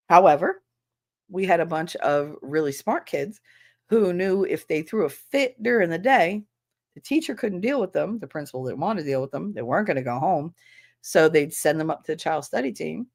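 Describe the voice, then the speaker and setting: A woman who is a former schoolteacher, talking bluntly and with profanity in a casual livestream chat. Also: medium pitch. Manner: blunt and profane, acts out quoted voices.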